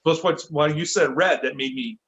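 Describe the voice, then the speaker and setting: A man from Michigan, a podcast guest, telling a story in a casual, lively way, correcting himself as he goes. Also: a little high, normal speed, lo-fi sound. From Michigan, USA. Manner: lively, self-correcting, acts out quotes.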